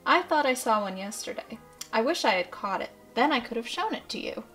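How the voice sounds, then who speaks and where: Woman reading as a friendly little boy for a storybook, light and bright. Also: fairly high pitch, expressive, a little fast, faint music behind. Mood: cheerful. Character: cheerful young boy, friendly.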